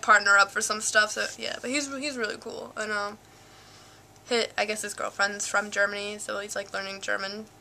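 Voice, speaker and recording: A woman's voice: mid-range voice, creaky, sharp tone. A young woman vlogging casually, rambling with lots of "like" and "um", filmed on a handheld camcorder. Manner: rambling, full of fillers and "like". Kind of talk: casual chat. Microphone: flip cam.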